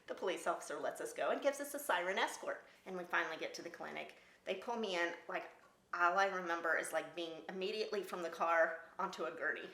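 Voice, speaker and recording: A middle-aged woman telling her own story in casual talk, lively and laughing between lines. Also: lowish voice. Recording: roomy echo.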